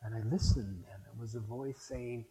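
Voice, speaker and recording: Mellow-voiced older man telling stories. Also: mid-range voice, moderate pace, rough recording. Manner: rambling and anecdotal, with many restarts. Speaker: speaker at a spiritual gathering. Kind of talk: reminiscing talk to an audience.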